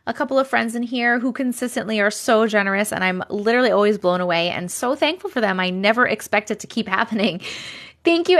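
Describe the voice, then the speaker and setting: A woman's voice: on the high side, fairly bright tone. A woman in her thirties hosting a casual live stream, bubbly and chatty, thanking viewers and reading comments aloud. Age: 30s.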